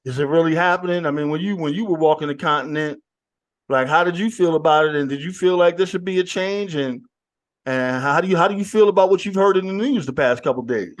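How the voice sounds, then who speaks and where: A man hosting a casual online panel chat, throwing out questions in an animated, hyped way. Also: a little high, quick pace. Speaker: host.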